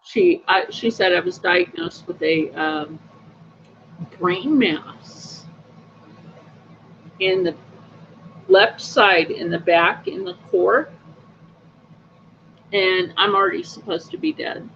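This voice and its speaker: A woman's voice: fairly low pitch, slow pace, long pauses, fairly bright tone. A woman hosting a casual livestream, telling personal stories in a chatty, upbeat, rambling way with many fillers. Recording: dull lo-fi audio with faint noise.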